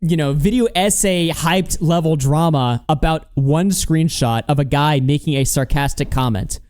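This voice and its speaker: A man's voice: a little high, normal speed, a little mellow. A man hosting a casual commentary stream, laughing often and swearing freely as he mocks what he is watching. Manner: laughing, profane, mocking banter. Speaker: commentary host.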